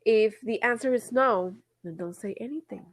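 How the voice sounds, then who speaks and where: A woman's voice: on the high side, moderate pace, no room sound. A woman co-hosting a podcast in casual chat, blunt and emphatic, swearing casually. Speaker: podcast co-host.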